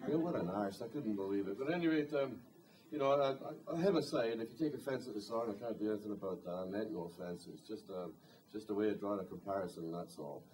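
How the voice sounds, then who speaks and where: Captured from afar at a live music venue, this singer-songwriter rambles through a wry tale between numbers, leaning on "you know" constantly. His pitch is fairly low, his tone darkish, and his pace quick, with some faint hiss or hum underneath.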